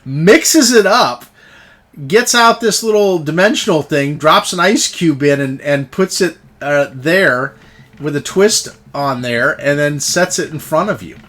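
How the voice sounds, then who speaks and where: A man's voice: fairly high pitch, lively intonation, measured pace, a bit bright. A man narrating as game master who talks in a loose, chatty way and laughs often. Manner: chatty, laughs often, restarts mid-sentence.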